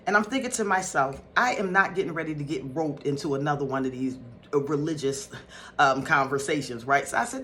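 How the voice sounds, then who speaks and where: A woman from North Philadelphia, a spiritual teacher, telling a story to her viewers in a casual, excitable way with frequent laughter. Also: sits low, brisk, slight background noise.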